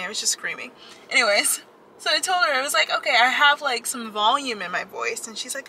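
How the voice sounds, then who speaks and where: Quick, bright and pushed, her fairly high voice bounces with lively intonation as she vlogs from her parked car to a dashboard camera. This chatty, giggly young woman fills her talk with "like," and the poor audio carries slight background noise.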